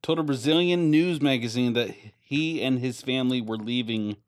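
A man's voice: medium pitch, moderate pace, dry recording. A man co-hosting a casual podcast, reading a news story aloud and tripping over words with dry remarks. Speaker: podcast co-host.

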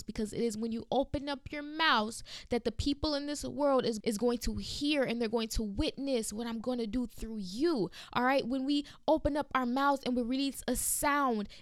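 A woman preaching an impassioned sermon, repeating phrases and slowing down for emphasis. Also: high voice, clean tone, no room sound.

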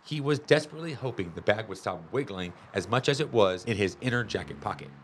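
Expressive man reading a children's book. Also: lowish voice, fast, a little hiss or hum. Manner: expressive, lively storytelling. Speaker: storybook reader. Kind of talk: children's chapter book read-aloud. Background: music.

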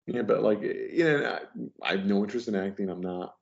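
A man's voice: lowish voice, a little fast, creaky. A man chatting casually as a podcast guest, rambling with lots of fillers and restarts. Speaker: podcast guest, comic book letterer. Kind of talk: casual chat. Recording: dull lo-fi audio.

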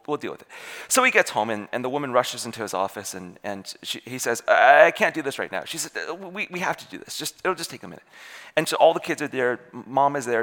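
Animated man preaching in a big hall. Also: mid-range voice. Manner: animated, acts out voices in his stories. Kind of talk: sermon storytelling. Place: church hall. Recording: long hall reverb.

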